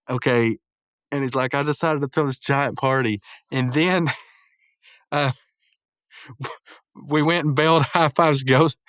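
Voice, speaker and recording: Male reviewer, mid-pitched, giggly and rambling, self-correcting casual retelling, dry close sound. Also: fairly bright tone, smooth, no echo. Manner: laughs often while retelling. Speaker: show reviewer.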